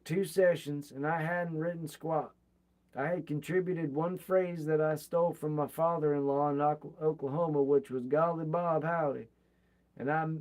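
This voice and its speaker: Animated man reading a biography aloud. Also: on the high side. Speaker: reader of a biography. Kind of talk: reading aloud from a book with comments.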